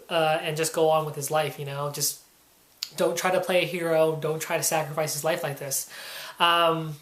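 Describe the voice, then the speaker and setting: A woman's voice: low-pitched, a bit bright. Rambling woman reviewing comics, roomy echo. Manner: rambling, filled with "you know" and "um". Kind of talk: casual spoken review.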